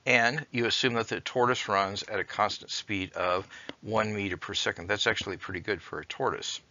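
Male teacher, measured explainer, bright forceful tone, dull lo-fi dry recording. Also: fairly low pitch, steady tone, no room sound. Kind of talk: recorded lecture with read-aloud story.

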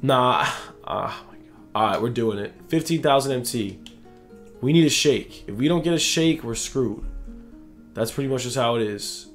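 A man's voice: mid-range voice, normal speed, soft background music. A young man giving casual, slangy commentary over a video game, thinking aloud as he goes. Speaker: gaming YouTuber.

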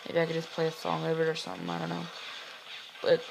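An excitable man narrating his gameplay, often shouting and whooping. His voice is gravelly and swings widely in pitch, and it sounds sore. The talk is casual and rambling. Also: fast, music in the background, low-quality recording. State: voice getting sore. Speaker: gaming channel host. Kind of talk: gameplay commentary.

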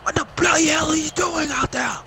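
A man mimicking an angry English soccer coach in a put-on English accent, high and exaggerated. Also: brisk, gravelly, shouting, heavy background noise. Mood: yelling.

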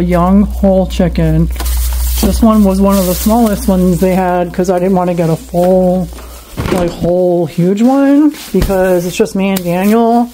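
A woman's voice: fairly low pitch, warm tone, poor audio. Chatty woman cooking in her kitchen. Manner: chatty, rambling, self-talking while cooking. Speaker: cooking vlogger. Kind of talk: casual cook-along chat. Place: home kitchen. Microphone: camera and phone on the counter.

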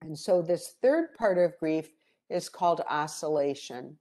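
A woman giving an educational presentation on grief, calm and gentle, explaining through stories. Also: sits low, measured pace.

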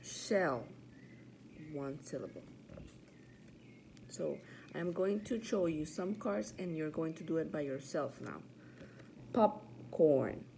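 A woman teaching young children to count syllables. She says each word slowly, then repeats it. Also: low-pitched, lively intonation, vocal fry, darkish tone, slight background noise. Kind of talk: slow, clear classroom lesson for young children.

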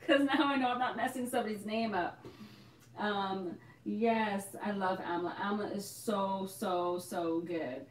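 A woman's voice: mid-range voice, moderate pace. A young woman hosting a casual live Q&A, bubbly and chatty, laughing often and exclaiming as she answers viewers. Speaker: host of a live Q&A for a hair care shop. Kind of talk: casual live-stream chat. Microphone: phone. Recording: roomy, from a distance off the mic.

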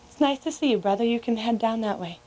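A woman's voice: a little high, fast, mellow, close to an everyday voice, rough recording. Woman doing gracious, solemn Saint Peter.

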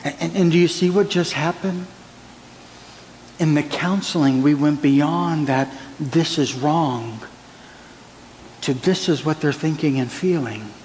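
Pastor preaching in a reverberant church. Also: male voice, on the high side, measured pace, pauses often, a little mellow. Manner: earnest preaching with prayer and counseling stories. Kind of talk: sermon. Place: church sanctuary. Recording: church hall reverb, faint room noise.

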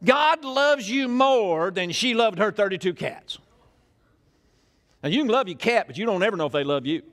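A man's voice: high-pitched, lively intonation, moderate pace, a bit bright. An older man, preaching a sermon in a church in a folksy storytelling way full of questions to the crowd. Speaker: pastor.

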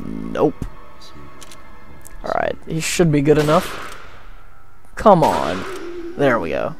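A man's voice: medium pitch, wildly swooping pitch, takes it slowly, creaky, music in the background. A man casually commenting while playing a video game, rambling and joking at his own expense. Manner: rambling, jokey, self-deprecating. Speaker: let's play gamer.

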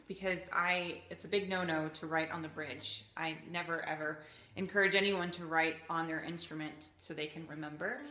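Violin teacher lady from florida, lowish voice, patient and explainy, roomy echo with a bit of violin behind. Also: pushed and bright. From Gainesville, Florida, USA. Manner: patient, explanatory, demonstrates pitches with her voice. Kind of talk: instructional explanation for teachers and parents.

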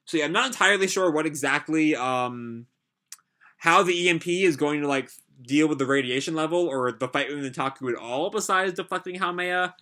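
A man's voice: fairly high pitch, brisk, bright, forceful tone. A man casually reading a comic aloud and reacting to it live, with frequent filler "like"s.

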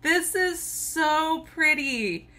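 A woman's voice: sits high, animated, extremely slow, sharp tone. A woman with children gushing and giggling as she unboxes a gift in a casual vlog. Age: adult with children. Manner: gushing and giggly, often squealing with delight. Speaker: tumbler crafter unboxing a gift.

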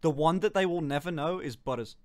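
A young man with a Birmingham accent, hosting a casual stream chat, animated and quick to laugh and swear. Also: a little high. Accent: Birmingham English. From England. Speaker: streamer host.

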